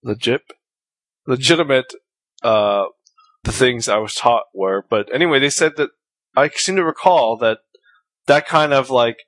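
A man co-hosting a relaxed podcast, speaking at a typical middle pitch for a man. He explains his points earnestly and thoughtfully. He laughs easily as he talks. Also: unhurried, long pauses. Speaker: podcast co-host. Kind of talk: casual comedic chat.

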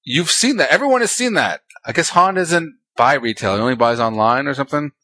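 A man's voice: mid-range voice, lively intonation, fairly quick, sharp tone. A man co-hosting a podcast in casual comedic chat, ranting with mock outrage and dropping dry, sarcastic jokes. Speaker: podcast co-host.

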